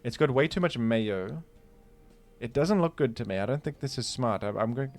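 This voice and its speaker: A man's voice: mid-range voice, expressive, a little fast, soft background music. A man hosting a gaming video, giving casual, rambling commentary with a joking, incredulous manner. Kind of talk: casual commentary while playing.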